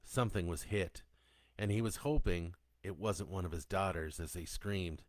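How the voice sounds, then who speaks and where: A man reading a horror audiobook in a steady, descriptive way. His voice is very low and deep, recorded close and dry with no room sound. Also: moderate pace, no echo. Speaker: audiobook narrator. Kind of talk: scripted horror narration.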